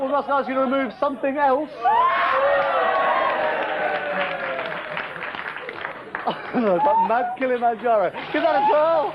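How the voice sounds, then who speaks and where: In a sketch comedy parody, a male actor with a very high voice plays a flustered, chummy British quiz show host who calls contestants "my darling" and keeps apologising. The lo-fi old TV tape is noisy, with a loud studio audience in the background.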